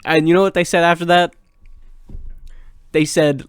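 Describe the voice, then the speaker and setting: A man's voice: on the high side, fairly even intonation, moderate pace, clear, resonant tone, no echo, studio quality. A young man co-hosting a podcast, rambling in crude, playful banter. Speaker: podcast co-host. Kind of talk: casual banter.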